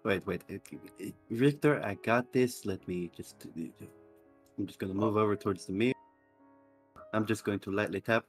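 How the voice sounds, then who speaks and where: A man playing a tabletop game, cracking dark jokes and putting on mock politeness. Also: fairly low pitch, normal speed, husky, soft background music. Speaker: player. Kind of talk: tabletop game role-play.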